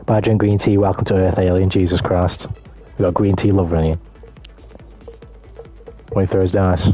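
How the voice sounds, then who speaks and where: A man's voice: deep voice, little pitch movement, normal speed, warm tone, soft background music. A British man chatting casually while streaming a fighting game, rambling and swearing as he jokes with his chat. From Britain. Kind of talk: casual gaming stream commentary.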